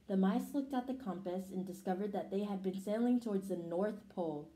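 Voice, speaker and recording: A woman reading a children's picture book aloud in an expressive storytelling manner. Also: mid-range voice, fairly quick. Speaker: storybook reader. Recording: roomy echo.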